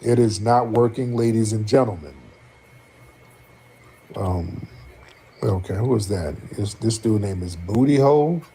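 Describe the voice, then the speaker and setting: A man's voice: lowish voice, a little slow, pauses often, mellow, slight background noise. A man hosting a live call-in stream, blunt and teasing as he questions callers. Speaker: livestream host taking callers. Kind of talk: casual call-in talk.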